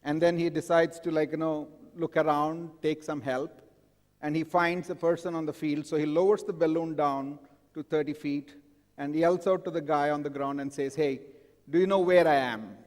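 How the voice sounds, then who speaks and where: Higher-voiced man in a reverberant hall. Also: level tone, moderate pace, a little mellow. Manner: engaging, asks the audience frequent questions. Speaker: conference speaker. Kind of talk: live conference talk. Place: large hall with a live audience.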